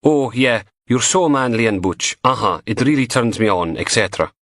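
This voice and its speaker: A male narrator voicing a punky young female forensic technician who teases in a dry, deadpan way. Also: mid-range voice, brisk, slightly rough, dry recording, voice pushed up. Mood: teasing.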